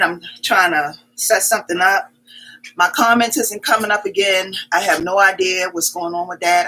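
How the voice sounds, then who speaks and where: A woman hosting a casual livestream, chatting and greeting viewers one by one, repeating her welcomes in quick strings. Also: medium pitch, pushed and bright, breathy edge, rough recording. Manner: greets viewers by name as their comments arrive. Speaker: livestream host. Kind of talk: casual live-stream chat.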